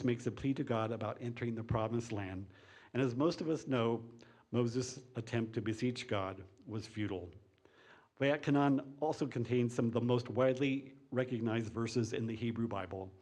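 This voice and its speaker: A man with a mid-pitched voice leads a synagogue service. He explains scripture in an even, plain teaching tone. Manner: reads a joke with lively put-on voices, then teaches plainly. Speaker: service leader. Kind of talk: sermon with a told joke.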